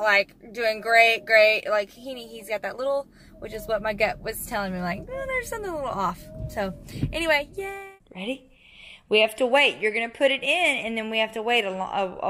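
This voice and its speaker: A woman's voice: mid-range voice, a bit bright, a little hiss or hum. A young woman chatting casually in a family vlog, upbeat and sing-song when she talks to her kids. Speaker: family vlogger and mother.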